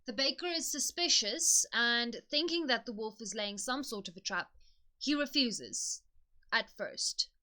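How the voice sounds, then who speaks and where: A woman's voice: fairly high pitch, lively intonation, a little slow, bright, forceful tone. A woman hosting a book video, retelling a fairy tale in a chatty, conversational way. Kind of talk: casual storytelling retelling.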